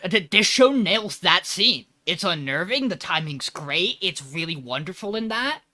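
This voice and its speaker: A man's voice: high-pitched, animated, measured pace, pushed and bright. A man hosting a podcast, casually recapping an episode and animatedly acting out quoted lines. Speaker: podcast host.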